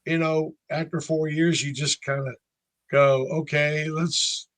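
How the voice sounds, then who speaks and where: Slightly slow and on the high side, this man's voice comes through on a dry recording. He's a band member from North Carolina in his sixties, animatedly telling stories during a casual interview and voicing the people in them.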